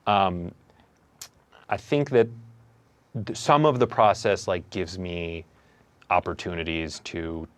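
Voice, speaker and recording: Young male comedian-host, low-pitched, thoughtful and halting, casual interview talk. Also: no echo. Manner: reflective, hesitant, many fillers and restarts.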